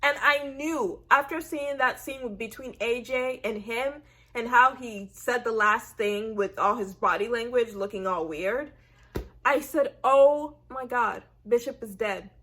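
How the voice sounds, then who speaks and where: A woman recapping a TV episode in a casual, animated way, acting out her own reactions and leaning on "like" and "I said". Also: on the high side, unhurried. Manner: chatty, heavy use of "like" and "I said". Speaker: TV recap vlogger.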